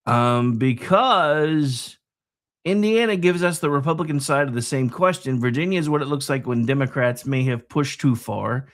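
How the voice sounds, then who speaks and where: Man, talk host, political monologue, sarcastic, rambling asides, mid-pitched voice. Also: moderate pace. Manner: sarcastic, digressive, swings loud and soft.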